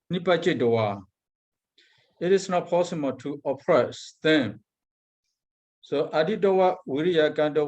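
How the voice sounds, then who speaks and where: A man with a Burmese accent teaches scripture as a monk, his voice sitting a little high. He speaks English haltingly, often pausing to search for the right word. He moves quickly through recited Pali lines before slowing down to explain them. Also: a little mellow. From Myanmar. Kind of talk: Abhidhamma lecture.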